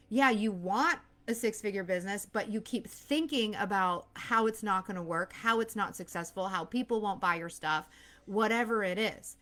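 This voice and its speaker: Woman, 30s, expecting a baby, motivational mindset talk, casual and earnest, mid-pitched voice. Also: moderate pace, fairly bright tone. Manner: chatty and earnest, acts out worried inner voices. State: pregnant. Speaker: mindset coach and channel host.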